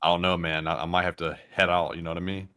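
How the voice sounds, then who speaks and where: A man from Alabama, co-hosting in casual chat, reading out donations and telling animated stories. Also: low-pitched, fast talker. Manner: animated storyteller. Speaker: co-host reading viewer donations.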